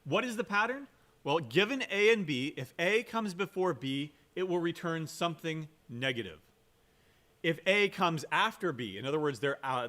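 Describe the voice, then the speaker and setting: A man's voice: on the high side, bright, forceful tone. A man giving a recorded programming lecture in a conversational way, often checking in with "right?" and stressing key words. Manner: conversational, keeps asking "right?"; fillers and restarts, emphatic. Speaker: computer science lecturer.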